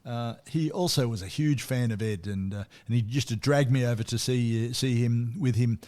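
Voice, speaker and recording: A man hosting a podcast, telling music history in a relaxed, casual way with frequent fillers and restarts. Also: medium pitch, moderate pace. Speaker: podcast host.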